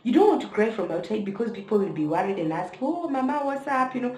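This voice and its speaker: A woman's voice: mid-range voice, expressive, quick pace, dark tone, slight background noise. Young kenyan woman vlogging her story, emotional, keeps talking to the viewers, kinda echoey room. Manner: emotional, addresses viewers directly. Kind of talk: personal storytelling to camera.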